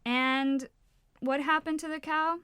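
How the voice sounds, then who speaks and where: A woman's voice: sits high, steady tone, slow pace, bright, forceful tone, dry recording, studio quality. A woman co-hosting a casual podcast, talking frankly and with feeling, swearing freely and often restarting her sentences. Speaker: podcast co-host.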